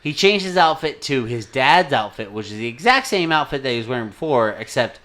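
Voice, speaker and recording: A man's voice: medium pitch, big pitch swings, fairly quick, a bit bright. A man co-hosting a podcast, recapping a film in casual chat, rambling and swearing a lot. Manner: profane, rambling, talks with his hands. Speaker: podcast co-host. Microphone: desk microphone.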